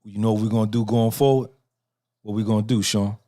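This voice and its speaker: A man's voice: fairly low pitch, little pitch movement, a little fast, warm tone. A middle-aged man hosting a podcast, giving a profane, repetitive motivational monologue and talking back and forth with himself. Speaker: podcast host.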